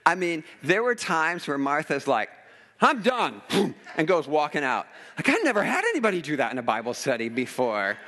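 Lively storytelling male pastor. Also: fairly high pitch, a little fast, hardly any pauses. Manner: storytelling, animated, acts out quotes, laughs often. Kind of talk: sermon. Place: church.

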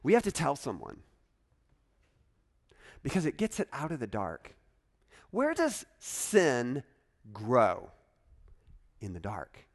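This man preaches as a pastor in a mid-range voice, keeping his sermon animated and conversational and making frequent asides to the congregation.

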